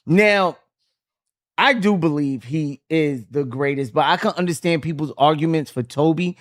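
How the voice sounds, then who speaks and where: A man with a high, light voice hosts a casual podcast discussion. He talks in an animated way and keeps throwing questions to his co-hosts. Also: moderate pace. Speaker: podcast host.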